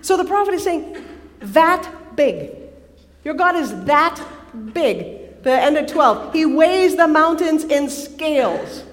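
A high-voiced woman preaching to a gathered crowd. She is animated and playful, asking her listeners questions as she goes. Her voice rings out with the long reverb of a large hall. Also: a little slow. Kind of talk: sermon.

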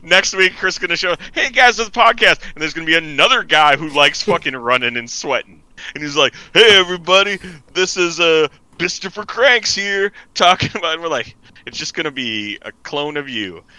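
Bright-voiced teasing man on a podcast. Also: medium pitch, fast talker, no echo. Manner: teasing, hedging with "like" and "right". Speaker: podcast co-host. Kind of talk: casual chat.

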